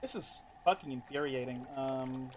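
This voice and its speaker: A man's voice: mid-range voice, moderate pace, slight background noise. A man streaming a video game, talking casually, exasperated and swearing heavily. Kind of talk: casual live-stream commentary.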